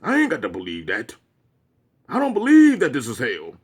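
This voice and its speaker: A man's voice: medium pitch, huge pitch swings, moderate pace, slightly rough. A man mimicking a naive, trusting man who insists he believes in the system, in a mocking sing-song voice.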